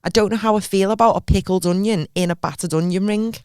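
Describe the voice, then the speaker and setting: A woman's voice: mid-range voice, fast talker, darkish tone, smooth, no echo. Woman, blunt and sweary, podcast co-host, casual chat, dry close sound.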